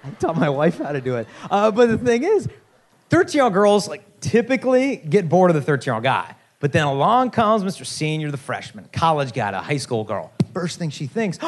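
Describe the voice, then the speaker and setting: A man's voice: on the high side, a little fast. A man in his thirties speaking to a teen assembly, telling jokey stories and talking straight to the crowd. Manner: lively, jokey, addresses the crowd directly. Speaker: youth chastity speaker. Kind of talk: animated storytelling talk to a teen assembly.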